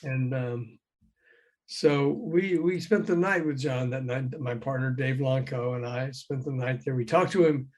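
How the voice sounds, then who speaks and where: A man's voice: medium pitch, a little slow. An older man with a mid-range voice, talking over a remote call as a guest. He tells his stories with energy, slips into the voices of the people he quotes, and chuckles between lines. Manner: lively, acts out quoted voices, chuckles often. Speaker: guest, former record promoter. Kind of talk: anecdotal storytelling in a conversation.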